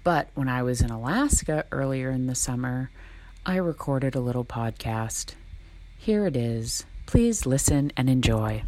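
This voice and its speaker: A woman's voice: very deep voice, expressive, unhurried, darkish tone. A woman hosting a podcast, chatting playfully and teasingly while out on a hike outdoors. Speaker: podcast host. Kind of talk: casual chat recorded on a hike. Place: outdoors on a trail.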